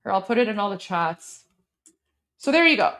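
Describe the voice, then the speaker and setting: A woman's voice: medium pitch, very animated, normal speed, fairly bright tone. A woman from Iran hosting a casual livestream, talking loosely with lots of fillers and restarts as she explains a meme. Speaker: host.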